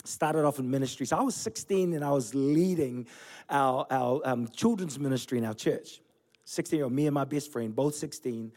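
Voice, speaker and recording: A man in his forties, originally from Fiji, preaching a sermon as pastor with animated storytelling and self-deprecating humor. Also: mid-range voice, normal speed. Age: 40s. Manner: storytelling, animated, laughing at himself. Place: church.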